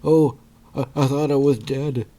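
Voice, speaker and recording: A man's voice: medium pitch, steady tone, unhurried, dark tone, voice pushed up, natural voice. A man voicing a panicked, blind man just brought back from the dead, whimpering and gasping frantically. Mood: panicky.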